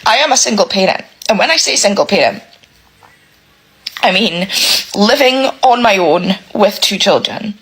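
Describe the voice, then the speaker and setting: A British woman rants to camera, her voice husky and a little breathy. She swears hard and circles back over the same words. She sounds close to tears, at a medium pitch. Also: lively intonation, moderate pace, pauses often, fairly bright tone, low-quality recording. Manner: swears heavily, repeats herself. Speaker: single parent vlogger. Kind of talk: emotional rant to camera.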